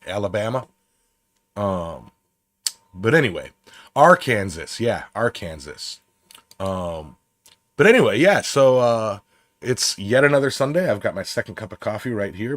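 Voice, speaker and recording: A man's voice: sits low, fairly bright tone. A man hosting a casual livestream chat, talking loosely with many fillers and laughs. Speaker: podcast host.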